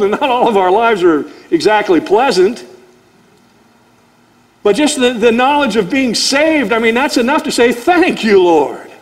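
A male pastor with a fairly high voice teaches through scripture verse by verse. He talks to the congregation conversationally and slips into short acted-out lines of dialogue. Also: normal speed. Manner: animated, acts out God's voice and conversational asides.

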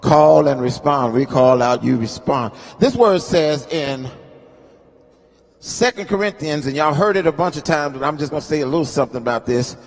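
A man in his fifties with a notably high voice preaches at a funeral service, pulling the congregation into call and response. He shifts from quiet, talky asides into loud, chanting scripture readings. A long reverb from the chapel hangs on every phrase. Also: animated, moderate pace. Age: 50s. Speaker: guest preacher. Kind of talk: sermon at a homegoing service.

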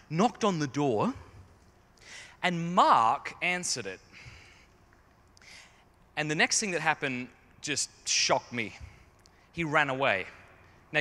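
A man's voice: on the high side, bright, forceful tone. A man telling a humorous, self-deprecating story as a speaker to a youth audience in a large conference hall. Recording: long hall reverb.

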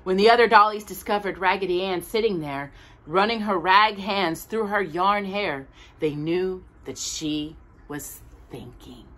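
A woman reading a children's storybook aloud as a storyteller, with an expressive delivery. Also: medium pitch, measured pace. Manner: animated, expressive.

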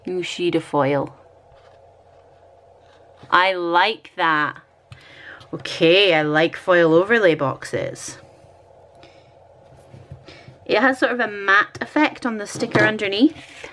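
A woman's voice: lowish voice, slow pace, long pauses, a bit bright, slight background noise. A Scottish woman vlogging at home, chatting and thinking aloud while she decorates her planner, often poking fun at herself.

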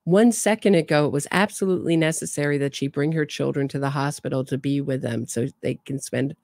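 A woman's voice: low voice, fairly quick, darkish tone, dry recording. Woman commentator, opinionated and sarcastic, dry close sound. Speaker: true crime commentator. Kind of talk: casual commentary.

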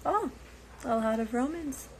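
Her voice is high and animated, with a darkish tone and a measured pace, on a low-quality recording with a bit of hiss or hum. The young reality show cast member chats loosely with viewers, rambling, saying um a lot and sounding worn out.

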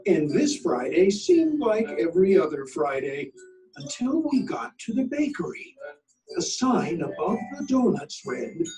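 Male teacher reading aloud, high lively sing-song voice, distant mic, faint music behind. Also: a little slow. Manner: expressive, sing-song storytelling. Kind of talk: picture-book read-aloud.

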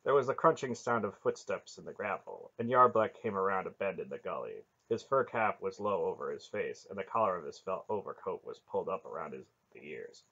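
A man reading a fantasy novel aloud as an audiobook, in steady, plain narration. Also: low voice, brisk, gravelly, few pauses, husky, dull audio. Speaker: audiobook reader.

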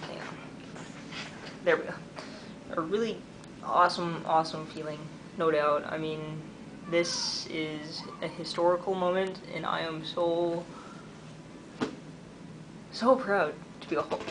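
A young man in his twenties from Canada talks excitedly in a casual video diary, using lots of "like" fillers. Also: high-pitched. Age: 20s. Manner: chatty and excitable, many "like" fillers. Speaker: vlogger and artist. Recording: noisy background.

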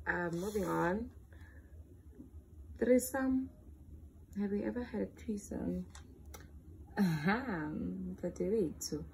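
A woman's voice: medium pitch, slow pace, gravelly, pauses often, darkish tone, a little hiss or hum. A young woman in her late teens with a South African accent, chatting candidly and playfully in a casual question-and-answer vlog. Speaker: vlogger.

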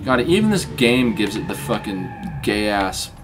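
Excitable young man with lively pitch. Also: unhurried. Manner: excitable, cursing, laughs at his own crashes. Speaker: co-host playing the game. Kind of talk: casual gaming banter. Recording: music playing behind.

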